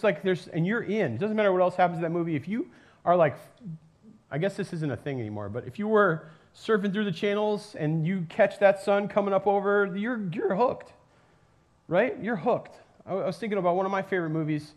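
A man preaching a sermon in a casual, animated storytelling way, with lots of fillers and asides. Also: mid-range voice. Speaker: pastor. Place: church.

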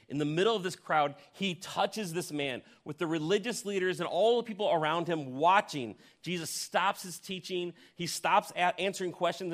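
A male pastor preaching a sermon who tells the story vividly, swings from loud emphasis to hushed near-whispers, and puts questions to his congregation. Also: high-pitched. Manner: addresses the congregation directly with questions.

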